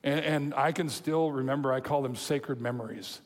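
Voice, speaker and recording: A man preaching a sermon, telling a story with lively quoted voices and chuckles. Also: medium pitch, normal speed. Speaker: pastor. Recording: long hall reverb.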